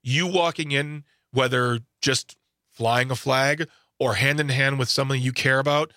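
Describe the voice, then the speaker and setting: A man's voice: mid-range voice, fairly even intonation, a little slow, pushed and bright, dry recording, studio quality. A man in his forties co-hosting a radio show, making jokes and chatting casually. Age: 40s. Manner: jokey, self-deprecating. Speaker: radio co-host. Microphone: studio microphone.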